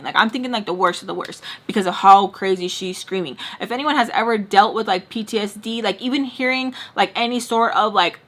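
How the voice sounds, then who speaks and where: Bright, animated storytime woman. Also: mid-range voice, fairly quick. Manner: expressive, dramatic retelling with heavy "like" fillers. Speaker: storytime vlogger. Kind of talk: casual storytime chat.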